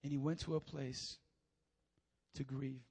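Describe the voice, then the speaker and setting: A man preaching a sermon, telling stories with animated energy and stammered repeats. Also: mid-range voice, measured pace, breathy edge.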